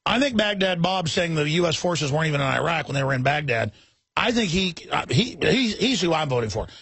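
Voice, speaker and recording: A man hosts a talk radio show in a high, gravelly voice that has a husky edge. He rants fiercely and mockingly, jumping from one point to the next. The sound is dry and close. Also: animated, fairly bright tone, no echo. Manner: fiery, mocking, rapid tangents.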